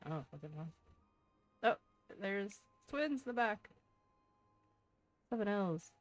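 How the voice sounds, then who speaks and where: A woman voicing a coarse, scheming male tavern keeper in a rough put-on Irish-sounding brogue, reading game lines aloud. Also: mid-range voice, lively intonation, takes it slowly, no echo, soft background music. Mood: gruff. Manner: swearing, blunt, drawled.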